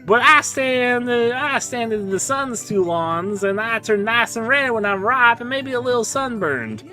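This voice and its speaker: A man's voice: very high voice, animated, unhurried, bright, forceful tone, soft background music, pitched above the performer's own voice, heavily acted. A man voicing a crude, rambling hillbilly tomato farmer with a put-on Southern drawl while streaming a game. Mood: folksy.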